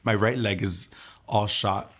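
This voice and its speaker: A man telling his personal testimony in an earnest, soft-spoken way. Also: lowish voice, steady tone, unhurried. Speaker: testimony speaker.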